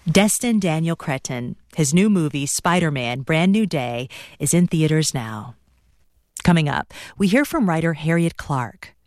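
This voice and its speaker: A radio host reading a scripted broadcast announcement in a measured, polished way. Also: mid-range voice, expressive, a little mellow, no echo, studio quality.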